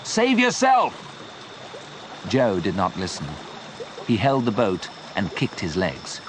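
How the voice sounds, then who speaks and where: Man, slow clear narration, lively pitch, simple storybook reading for learners. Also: background noise.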